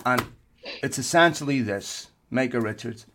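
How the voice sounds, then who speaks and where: A man's voice: medium pitch, expressive, normal speed, heavy background noise. A man co-hosting a podcast, ranting in heated casual chat and swearing often. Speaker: podcast co-host.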